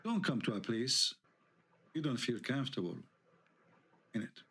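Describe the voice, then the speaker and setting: Heated guy w/ tinged ranting on his online show, keeps firing questions, mid-pitch voice. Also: sing-song, measured pace, bright, forceful tone, husky. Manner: heated, indignant, rhetorical questions. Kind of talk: live online debate talk.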